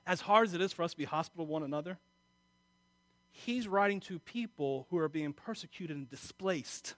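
A middle-aged man preaching a sermon, emotional, moving from quiet confiding talk to loud exhortation. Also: fairly high pitch, brisk, no echo. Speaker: pastor.

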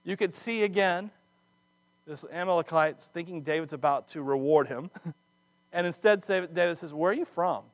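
A man preaching a sermon, acting out scripture dramatically with laughs and quick asides. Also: fairly high pitch, dry recording. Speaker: pastor.

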